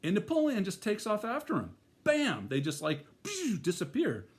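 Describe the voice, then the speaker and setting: A man's voice: sits high, wildly swooping pitch, moderate pace. A middle-aged man telling a personal story in a casual, rambling way, full of fillers and restarts.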